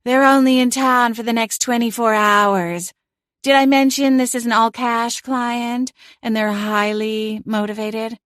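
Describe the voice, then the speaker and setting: A vain, imperious talking cat, as a woman narrator voices her in a cozy audiobook. She speaks higher than the narrator, sharp-tongued and bossy. The recording is dry and close. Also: steady tone, measured pace, no echo. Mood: airy put-on. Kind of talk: audiobook character voice.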